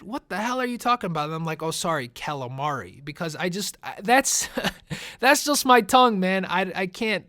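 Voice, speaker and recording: A man's voice: on the high side, a bit bright, dry recording, studio quality. A young man who grew up speaking Italian, answering viewer questions in a laid-back, chatty way and often calling his listeners "man" and "guys". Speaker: gaming YouTuber. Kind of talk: casual Q&A commentary over gameplay.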